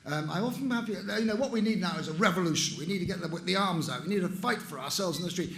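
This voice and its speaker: A man's voice: high voice, animated, fast talker, hardly any pauses, a bit bright, a little hiss or hum. An older man answering audience questions at a conference, frank and emphatic. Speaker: conference speaker. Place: conference room. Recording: echoey conference hall.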